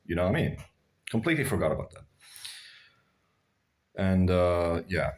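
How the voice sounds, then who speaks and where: A man with a deep voice and big pitch swings, talking at normal speed, tells his viewers crude, blunt personal stories. As a vlogger speaking to camera, he rambles casually and keeps calling them "guys."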